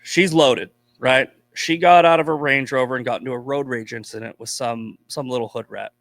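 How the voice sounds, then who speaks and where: A man's voice: medium pitch, fairly even intonation, normal speed, a bit bright, dry recording. A man from Boston, a podcast guest, telling stories in blunt, profane casual chat. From Boston, USA.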